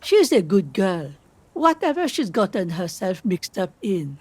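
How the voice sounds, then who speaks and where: An actress voicing a weary woman from the coast who protects a friend and talks slowly and guardedly. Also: medium pitch, big pitch swings, darkish tone, breathy edge, dry recording. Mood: pleading. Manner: slow and guarded, pleading.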